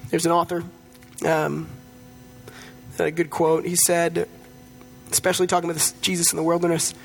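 A man's voice: fairly high pitch, level tone, moderate pace, vocal fry. A man preaching a sermon as pastor, in a conversational storytelling way with touches of humor.

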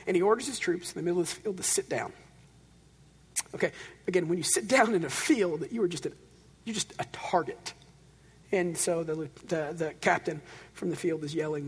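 A man preaching a sermon, telling stories with animated swings between loud, driven passages and hushed, quiet ones. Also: high-pitched, husky. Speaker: pastor. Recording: long reverb of a large hall.

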